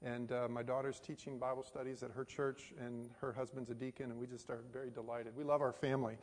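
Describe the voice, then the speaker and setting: A man's voice: mid-range voice, flat delivery, fast, a little mellow. A middle-aged American man, a missionary pastor, preaching a sermon and telling a personal story in a folksy way with many fillers. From United States. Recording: hall reverb.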